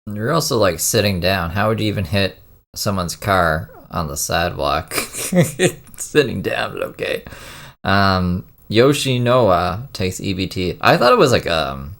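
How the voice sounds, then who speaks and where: A man's voice: low-pitched, expressive, slow pace, vocal fry, a bit bright. A man from Canada doing reaction commentary on a stream, with dry, sarcastic asides.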